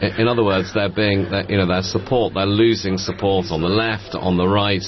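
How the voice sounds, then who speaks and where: Deep-voiced political correspondent on radio. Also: male voice, fairly even intonation, normal speed. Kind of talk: radio news analysis. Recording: muffled broadcast audio.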